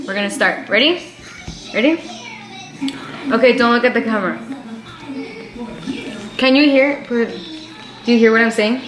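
A young woman co-hosting a casual vlog, chatty and giggly, with lots of "you know" fillers. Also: a little high. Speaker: vlog co-host. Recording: echoey room.

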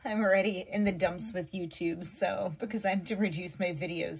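A woman's voice: on the low side, normal speed, gravelly, breathy edge. A woman giving a casual, emotional tarot reading to her viewers, getting teary, chatting with lots of fillers and restarts. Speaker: tarot reader.

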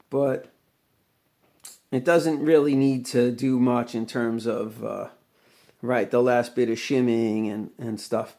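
A man's voice: medium pitch, flat delivery, slow. Rambling man talking guitar repair. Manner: rambling, with many fillers and laughs. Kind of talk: casual workshop vlog.

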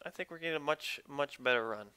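A man's voice: fairly high pitch, fast, bright, forceful tone, clear, resonant tone, no echo. A man commentating his own online racing game live, chatting with viewers while he drives. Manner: upbeat, talks to chat while driving.

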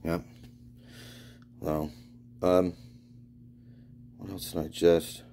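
A man from Florida talks in a loose, meandering monologue, drifting between restarts and trailing thoughts. His voice sits low with a mellow, soft-edged tone. He swears freely and laughs through his own stories. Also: little pitch movement, drawn-out words, slight background noise. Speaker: spiritual vlogger. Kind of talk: rambling monologue.

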